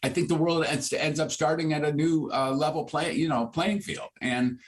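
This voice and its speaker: A man in his sixties, a psychiatrist, talking freely in an interview and rising to high, lively bursts when he makes a point. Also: moderate pace. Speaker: psychiatrist guest. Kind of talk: conversational interview.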